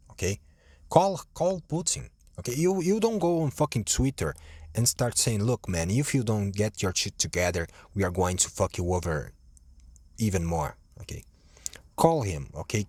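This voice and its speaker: A man's voice: mid-range voice, husky, no echo. A young man hosting a solo podcast, ranting in a profane, rambling way with many restarts. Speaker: podcast host.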